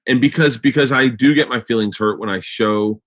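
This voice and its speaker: A man hosting a podcast in casual chat, talking in a rambling, excitable way and swearing freely. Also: medium pitch, fairly quick. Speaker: podcast host.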